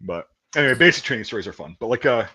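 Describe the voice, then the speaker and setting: Man, casual podcast storyteller, very expressive pitch, crude and animated. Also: racing, breathy edge. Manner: animated, profane, acts out quotes loudly. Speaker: podcast host telling a story.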